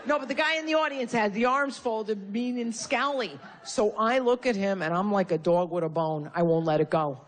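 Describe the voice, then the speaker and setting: A woman's voice: medium pitch, normal speed, few pauses. A woman performing a stand-up comedy routine on stage before a live audience, brash and profane with insult humor.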